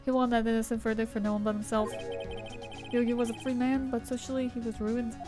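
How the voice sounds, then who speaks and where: A woman's voice: on the high side, level tone, fast, over music, lightly acted. A woman reading the lines of a pompous, condescending older male lawyer in a game, in a lecturing tone.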